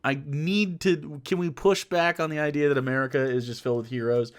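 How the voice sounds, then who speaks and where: A man's voice: on the high side, fairly even intonation, brisk. A young man streaming live, reacting to a video with sarcastic, rambling rants full of swearing. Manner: sarcastic, ranting, swearing often. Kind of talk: casual reaction commentary.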